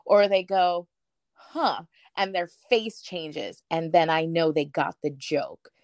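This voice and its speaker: A woman telling a personal story as an interview guest, animated, acting out the voices of the people she quotes, with lots of "like". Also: deep voice, slow, no echo, studio quality. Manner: frequent "like" fillers.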